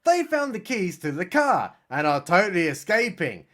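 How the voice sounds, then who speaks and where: A man's voice: high voice, sing-song, a bit bright. Sarcastic man recapping a film. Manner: sarcastic, mocking, does quick voices for characters. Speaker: film reviewer. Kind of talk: sarcastic comedic movie recap.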